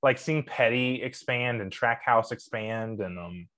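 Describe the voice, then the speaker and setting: A man co-hosting a casual racing podcast, rambling with fillers, giggling and now and then bursting into shouts. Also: medium pitch, measured pace. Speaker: podcast co-host. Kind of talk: casual chat.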